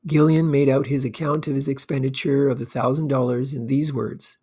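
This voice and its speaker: Guy narrating an old short story, calm steady audiobook read. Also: medium pitch, moderate pace, hardly any pauses, husky. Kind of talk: scripted narration.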